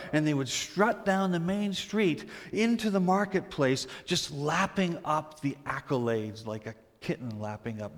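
A man pastor giving a humorous, storytelling sermon, dropping to a hush for emphasis. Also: mid-range voice, long reverb tail.

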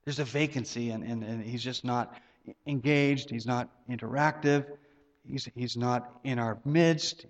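A man preaching a sermon as pastor, conversational, repeating words, with sudden rises in pitch. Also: fairly bright tone. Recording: muffled sound with long hall reverb.

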